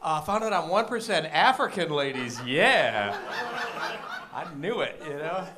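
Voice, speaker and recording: Man, stand-up comedian, high voice, deadpan one-liners, wry asides, noisy live club recording. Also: a little slow. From Michigan, Detroit area.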